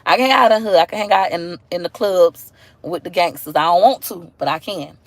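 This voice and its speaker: A lively woman with an African American accent talks casually to her livestream viewers. She chats in a loose, animated way and often jumps into high, mocking voices when she quotes other people. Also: fairly quick, no echo. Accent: African American English. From Tampa, Florida. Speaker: livestream host.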